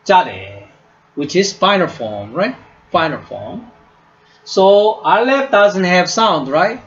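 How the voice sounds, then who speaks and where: A man teaching a class, speaking slowly, repeating each word and checking "right?" with his students. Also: sits high, lively intonation, fairly bright tone, muffled recording. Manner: slow, repeats words and asks "right?" often. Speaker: Hebrew teacher. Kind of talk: classroom lesson.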